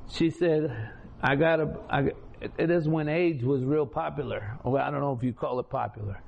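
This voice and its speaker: A man with a somewhat high voice and some vocal fry preaches his testimony at a normal pace, folksy and colloquial, acting out the conversations as he goes. The recording is dull and lo-fi, with faint room ambience.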